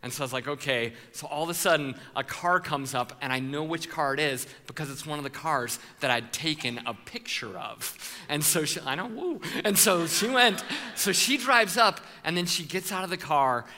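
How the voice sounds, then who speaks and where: A man preaching a sermon, telling a story with animated voices for the people in it and calling out to the congregation. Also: on the high side, moderate pace, long reverb tail, a little hiss or hum. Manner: playful with the congregation, calls for responses. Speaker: pastor.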